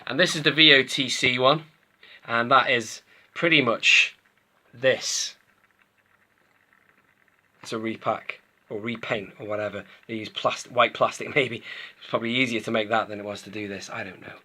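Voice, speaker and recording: A man with a strikingly bright, forward tone talks casually to camera as he reviews collectible figures. He rambles, doubles back and corrects himself as he goes, in an easygoing, conversational manner. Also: mid-range voice, steady tone, moderate pace, long pauses. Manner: rambling, chatty, self-interrupting. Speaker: toy collector channel host.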